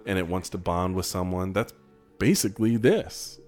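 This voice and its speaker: A man co-hosting a casual film commentary, chatty and quick to laugh, with excited asides. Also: low voice, soft background music.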